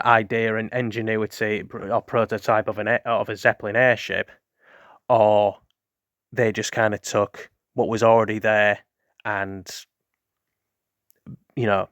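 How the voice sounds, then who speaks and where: A man's voice: on the low side, fairly bright tone, dry recording, studio quality. A man hosting a casual spoken history show, rambling with many fillers and restarts. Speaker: host.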